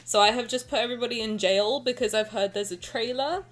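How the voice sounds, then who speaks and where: A woman's voice: a little high, fast talker. Frantic, rambling woman streamer. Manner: frantic, rambling, self-mocking. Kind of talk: casual live-stream chat.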